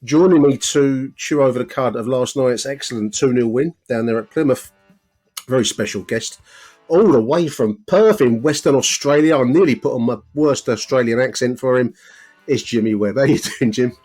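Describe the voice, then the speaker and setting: A man's voice: mid-range voice, normal speed, a little mellow, soft background music. A man hosting a casual football podcast, chatty and rambling with filler words. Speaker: podcast host.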